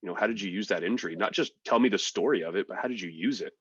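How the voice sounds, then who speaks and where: A man, a military veteran and podcast guest, telling his story in a relaxed, frank way with fillers and swearing. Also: deep voice, very fast, husky, dry recording, dull audio. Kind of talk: casual storytelling.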